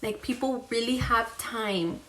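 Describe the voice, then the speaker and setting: A woman's voice: on the high side, measured pace, pushed and bright. Chatty woman doing her makeup. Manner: chatty, self-deprecating, talks to herself mid-task. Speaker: beauty vlogger. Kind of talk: casual get-ready-with-me chat while doing makeup.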